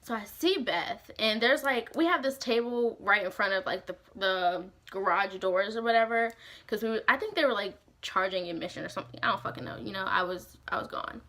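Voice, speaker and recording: A woman's voice: medium pitch, brisk. A young woman vlogger telling a story in casual, slangy, profane talk, with lots of "like". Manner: animated, slangy and profane, heavy use of "like".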